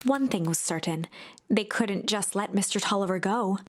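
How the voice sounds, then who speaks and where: Hushed woman narrating a storybook game. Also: medium pitch, normal speed. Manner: hushed, often near a whisper. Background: game music.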